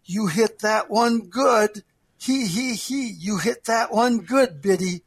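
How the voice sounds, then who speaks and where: A man putting on a halting, childlike old man. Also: high voice, husky, no echo, pitched above the performer's own voice, exaggerated voice. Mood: gleeful. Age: older. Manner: excited, halting, repeating himself, giggling. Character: stooped, childlike old man, clinging to memories.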